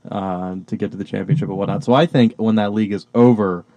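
A man co-hosting a podcast in relaxed casual chat, talking hesitantly with trailing phrases. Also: fairly low pitch, fast talker, no room sound, dull audio. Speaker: podcast co-host.

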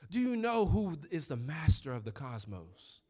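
Animated preacher man telling stories. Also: on the high side, normal speed. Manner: animated storytelling with quoted voices. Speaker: pastor. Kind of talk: sermon.

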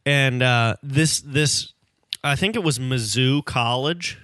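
A man's voice: mid-range voice, slow pace, a bit bright, no echo, studio quality. Emphatic young man telling stories. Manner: emphatic, storytelling, calls listener bro. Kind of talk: casual chat.

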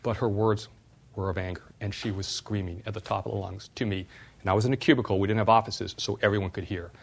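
A middle-aged man, a former startup CEO, giving a university talk and telling personal stories in an animated way. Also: fairly low pitch, fast talker, vocal fry, husky. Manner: animated storyteller, voice jumps up when retelling exchanges.

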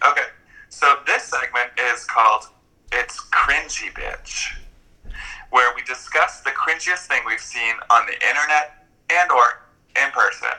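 A man's voice: medium pitch, pushed and bright, low-quality recording. A young man co-hosting a podcast, teasing and joking in a sarcastic, casual way. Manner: sarcastic, teasing, quick jokes. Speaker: podcast co-host. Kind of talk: casual chat.

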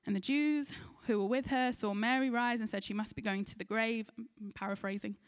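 A woman's voice: a little high, steady tone, a little fast, smooth. A woman with an English accent preaching a sermon, retelling a scripture story in an earnest voice and briefly acting out the people in it. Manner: earnest storytelling, acts out quoted lines.

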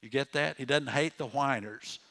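A man's voice: medium pitch, normal speed, pushed and bright. Older man preaching a casual sermon. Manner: conversational preaching with frequent restarts and asides. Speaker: pastor. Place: church.

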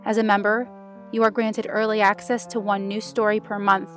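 A woman podcast host reading fan fiction aloud in a soft, intimate storytelling voice. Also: medium pitch, flat delivery, normal speed, faint music behind. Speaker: podcast narrator.

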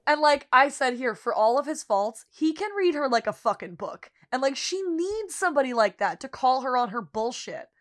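Higher-pitched woman retelling scenes animatedly. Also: normal speed, hardly any pauses. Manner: animated storyteller, acts out lines with laughs. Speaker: podcast co-host. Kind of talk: casual podcast chat, retelling scenes.

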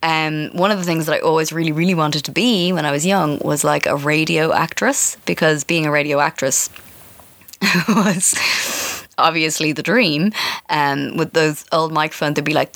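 This podcast host is a woman from Ireland in her thirties, speaking at a moderate pace in a low, fairly bright voice with fairly even intonation. Her solo show is casual, chatty and self-deprecating, packed with fillers and asides, and there's no room sound.

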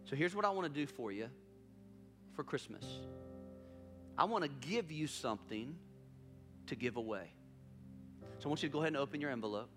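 A man's voice: mid-range voice, animated, brisk, pauses often, music in the background. A man preaching a sermon as pastor, telling a story with emphatic repetition.

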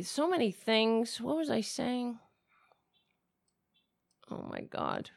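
A woman with a cracking, raspy voice, talking casually at home in a rambling, swearing vlog. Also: fairly high pitch, expressive, slow pace, long pauses, no room sound, clean studio sound. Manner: swears freely, rambles and talks to her cats.

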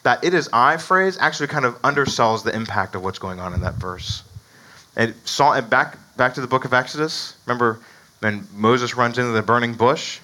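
A man's voice: mid-range voice, normal speed, sharp tone, poor audio. A man preaching a sermon in a conversational way, often asking "right?" and chuckling between points. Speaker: pastor.

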